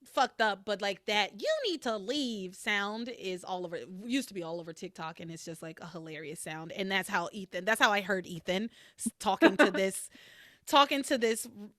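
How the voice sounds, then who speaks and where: A woman hosting a podcast, recapping in casual chat and acting out quoted lines with big jumps in pitch. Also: moderate pace, fairly bright tone, no room sound, clean studio sound. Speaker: podcast host.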